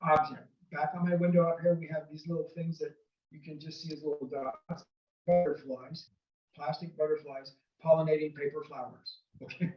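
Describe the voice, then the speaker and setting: A man's voice: on the high side, fairly even intonation, normal speed, reverberant, far from the mic, dull audio. A man giving earnest, casual marriage advice from home, often checking in with "okay?". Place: home room near a window.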